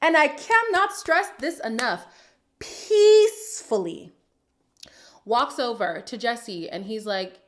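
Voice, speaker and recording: A woman's voice: fairly high pitch, lively intonation, unhurried, hardly any pauses, a bit bright. A woman hosting a reality TV recap who reacts in a sassy, dramatic way, with sighs and sudden whispers. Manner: sassy and opinionated. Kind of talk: casual reaction commentary.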